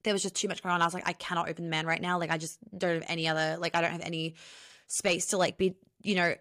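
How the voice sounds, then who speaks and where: A woman's voice: fairly low pitch, flat delivery, fast talker, a bit bright. A young woman hosting a podcast as a relationship coach, talking in a chatty, rambling way with lots of fillers and swearing. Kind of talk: casual podcast monologue.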